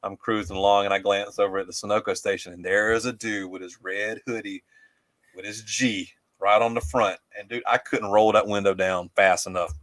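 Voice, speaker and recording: Co-host, man, low voice, chatty rambling storyteller. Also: fairly even intonation, a little fast, a bit bright, dry recording. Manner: rambling, laughs often, many fillers and restarts. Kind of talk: casual storytelling chat.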